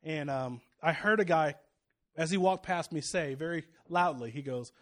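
A pastor preaching a sermon and telling a personal story, moving from loud, rising exhortation to quiet, confiding asides. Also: male voice, fairly high pitch, moderate pace.

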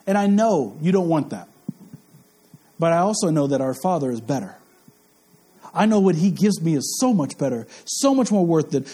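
Preacher, male, very high voice, fervent and repetitive, quizzes the congregation. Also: a little mellow. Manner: impassioned, repetitive, asks the crowd questions. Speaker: pastor. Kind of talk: sermon.

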